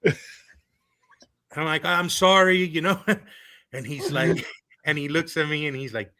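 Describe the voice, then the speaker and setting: Bright-voiced former ballplayer telling stories. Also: male voice, fairly high pitch, measured pace. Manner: animated, laughing, many fillers. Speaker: former college baseball player, guest. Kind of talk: casual storytelling on a podcast.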